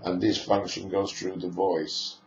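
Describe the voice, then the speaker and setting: A low, gravelly male voice delivers a lecture at an unhurried, musing pace, stringing together long lists of phrases. The recording is roomy and a little dull and lo-fi, with a faint hiss underneath. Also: level tone. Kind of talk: spoken lecture. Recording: echoey room, dull lo-fi sound.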